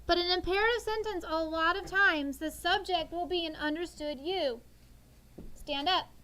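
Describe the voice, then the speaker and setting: A woman in her thirties, animated and coaxing, teaches a sixth-grade class and draws call-and-response from the students. Her voice is very high, her pace moderate.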